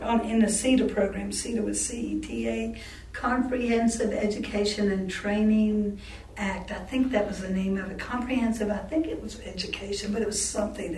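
A woman's voice: medium pitch, a little mellow. Older woman telling her story in a roomy echo. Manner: halting, full of restarts and self-corrections. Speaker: interviewee recalling her life. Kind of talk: oral history storytelling. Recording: roomy sound from a distant mic.

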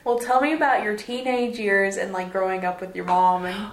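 A woman asking slow, friendly questions in a casual interview. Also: medium pitch, steady tone. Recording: echoey room with faint background noise.

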